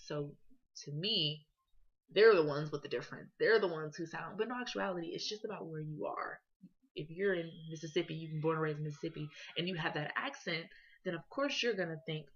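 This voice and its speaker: A woman's voice: deep voice, slightly rough. A young woman from Ohio giving a casual class presentation as a student, talking conversationally with lots of fillers. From Columbus, Ohio. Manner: casual, conversational, with many fillers and "you know"s. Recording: dull lo-fi recording.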